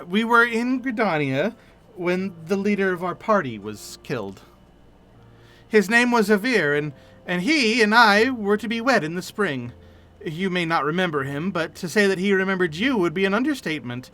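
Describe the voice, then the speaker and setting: A man's voice: high voice, sharp tone, pitched above the performer's own voice. A man voicing a shy, grieving young female adventurer in a video game, speaking hesitantly and earnestly.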